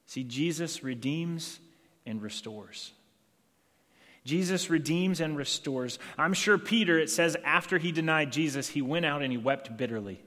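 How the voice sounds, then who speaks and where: A man's voice: a little high, unhurried, a bit bright. A man preaching a sermon as pastor, earnest, acting out the voices in scripture stories. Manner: earnest, acts out dialogue in scripture passages. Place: church sanctuary. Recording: long church reverb.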